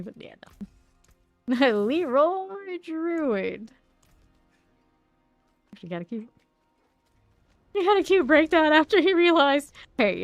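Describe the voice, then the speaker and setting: A woman streaming a game, chatting casually with viewers, laughing often and reading their messages aloud. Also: a little high. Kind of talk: casual gameplay chat. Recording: faint background noise.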